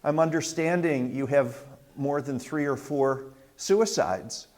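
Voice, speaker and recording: A man's voice: fairly high pitch, slow pace, darkish tone. An older man, host of the talk, telling a personal family war story in a conversational way, with frequent restarts and fillers.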